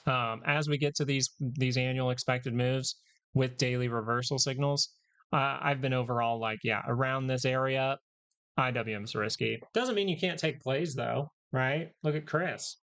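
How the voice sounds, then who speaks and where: Gravelly male stream host, rambling and self-correcting, joking with chat. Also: medium pitch, normal speed, fairly bright tone. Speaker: stock market live stream host. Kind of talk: casual live market commentary.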